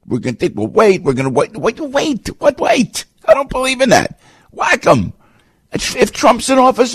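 Fired-up gravelly male radio host. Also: on the high side, a little mellow, no echo, studio quality. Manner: fired-up, indignant, rambling. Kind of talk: talk radio commentary. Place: radio studio.

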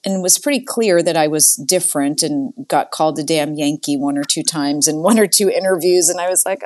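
A woman from the Boston area with a low voice speaks in a casual interview. She tells stories with animated energy, laughs easily and slips into quoted dialogue. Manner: animated storyteller, quick laughs, acts out quoted lines. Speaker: guest, nonprofit CEO.

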